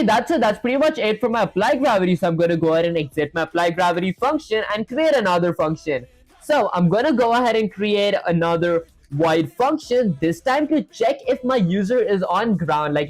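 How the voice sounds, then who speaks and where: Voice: mid-range voice, dry recording. A streamer thinking aloud while coding live, talking casually and rambling with frequent self-corrections, and answering chat questions.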